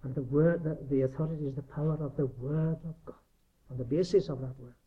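A man's voice: fairly high pitch, steady tone, fast talker. A man preaching a sermon in an earnest, emphatic way, often asking rhetorical questions. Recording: dull lo-fi recording.

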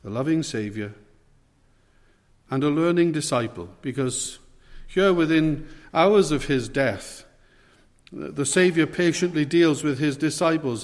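Earnest preacher in an echoing hall. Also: male voice. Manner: earnest, emphatic, slows and drops to soft low phrases. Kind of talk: sermon. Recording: long hall reverb.

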